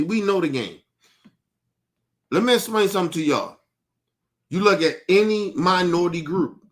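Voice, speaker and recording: A man delivering a heated, profane rant as a podcast host, shouting and repeating himself. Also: a little high.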